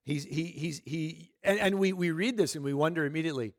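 A man's voice: a little high, fairly quick, long reverb tail. A man preaching a conversational sermon, often turning to ask the congregation questions. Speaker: pastor.

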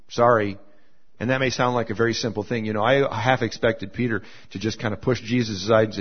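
A man's voice: lowish voice, fast talker, husky. A man preaching a sermon as a pastor, talking in a conversational way, repeating his phrases and acting out the people he quotes. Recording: slightly dull lo-fi sound.

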